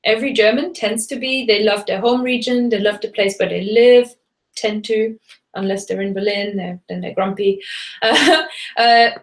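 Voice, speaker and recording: A woman's voice: medium pitch, moderate pace. A woman hosting a live webinar as a German teacher, talking casually and hopping between German and English with fillers and restarts. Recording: roomy echo.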